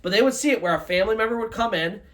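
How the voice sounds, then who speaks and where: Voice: mid-range voice, very fast, fairly bright tone. A storyteller giving a live, loosely conversational retelling of a ghost story. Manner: loose conversational telling with many "like" and "kinda".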